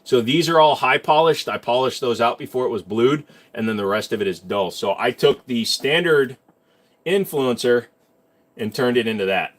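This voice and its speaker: A man's voice: mid-range voice, animated, normal speed. A man hosting a casual livestream, reading out chat questions and answering them with loose, self-mocking jokes and detailed know-how. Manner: knowledgeable about handguns, explains in detail.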